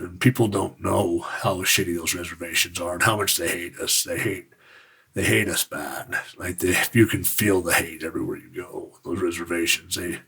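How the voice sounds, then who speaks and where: A man from Utah, a podcast guest, telling his stories in a frank, rambling, casual way with a gravelly, raspy voice. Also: low voice, sharp tone. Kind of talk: casual storytelling.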